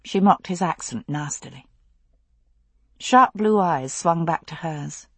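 Husky expressive woman narrating a novel. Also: on the low side, slow pace, pauses often, no echo. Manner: expressive, intense storytelling. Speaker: audiobook narrator.

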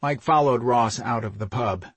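A man reading an audiobook story in a steady, measured narration. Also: mid-range voice, husky, dry recording. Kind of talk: scripted narration.

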